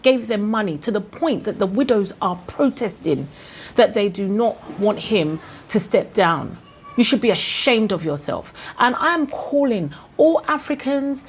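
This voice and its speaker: Fiery Ghanaian woman vlogger. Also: a little high. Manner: fiery, indignant, rhetorical questions. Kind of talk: impassioned political rant.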